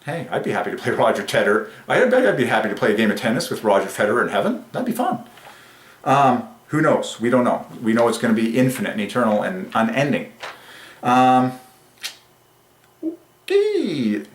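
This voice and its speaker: Excitable man in an echoey room. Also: mid-range voice. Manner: emphatic and excitable, drawing out key phrases slowly. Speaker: religious channel host. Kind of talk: excited solo monologue on word numerology. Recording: roomy echo.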